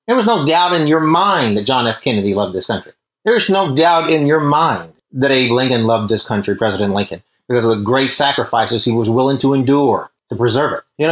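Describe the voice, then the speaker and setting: A man's voice: mid-range voice, a bit bright, low-quality recording. A man hosting a political talk show, delivering commentary with frequent ums and uhs, restarts and rhetorical questions to his listeners. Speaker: host.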